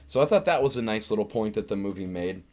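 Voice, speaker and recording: On a live stream, a streamer and comedian reviewing a film casually retells its scenes, meandering and often restarting his sentences. His voice is fairly low, animated, fast, and a little mellow.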